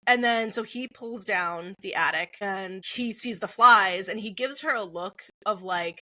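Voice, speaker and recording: A young woman with a bright, clear voice, chatting casually on a podcast as she walks through a film's plot. She gets animated and acts out the characters' lines, with a dry, close sound and no room echo. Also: mid-range voice, unhurried, hardly any pauses. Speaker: podcast co-host. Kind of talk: casual film recap chat.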